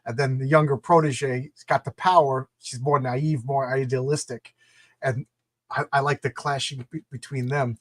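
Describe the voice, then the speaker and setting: A man's voice: mid-range voice, fairly even intonation, normal speed, fairly bright tone, no room sound. A man hosting a casual interview podcast, talking with enthusiasm and often repeating words as he starts sentences. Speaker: podcast host.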